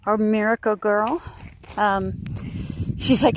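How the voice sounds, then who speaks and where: A woman's voice: on the high side, normal speed, pauses often, noisy background. A woman running a horse sanctuary talks casually outdoors with her horse, rambling and laughing often. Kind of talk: casual vlog.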